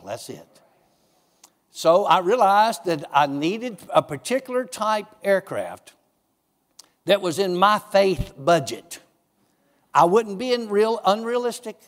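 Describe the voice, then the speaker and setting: A man preaching a sermon, telling stories and acting out his own dialogue with God in a raised, lively voice. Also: high-pitched, big-room sound. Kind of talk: sermon with storytelling.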